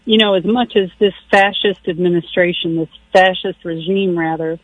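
A man's voice: sits high, steady tone, moderate pace, dry recording. A man calling in to a radio show, speaking earnestly and politely. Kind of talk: call-in phone comment. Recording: muffled phone line.

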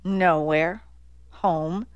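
A woman's voice: lowish voice, steady tone, extremely slow, dry recording, lo-fi sound. A woman voicing a big, drunk, sullen man who grumbles his answers, in an audiobook. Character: big, drunk, surly man in a trailer park. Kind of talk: audiobook character voice.

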